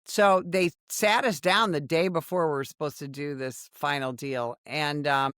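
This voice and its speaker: Ex cop lady in her 60s telling war stories, lively and dramatic, dry close mic. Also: low-pitched, moderate pace, no room sound. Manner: animated, dramatic retelling with quoted voices. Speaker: former undercover police officer. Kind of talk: storytelling in a podcast conversation.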